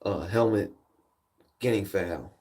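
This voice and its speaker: A man with a drawl holds court on his own livestream, rambling loosely from one tale to the next and swearing without a second thought. His voice sits on the low side and sounds a bit distant from the mic, as if he's talking to a phone set up a few feet away outside at night. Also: slow, warm tone. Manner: laid-back rambling storyteller, swears freely. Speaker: livestream host. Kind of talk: casual livestream chat.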